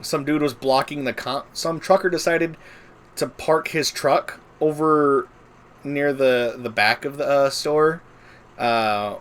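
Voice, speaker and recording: Slow and steady, a medium-pitched male voice carries a gamer's long, offhand story told while he streams. He rambles, leans heavily on fillers, and swears a lot throughout.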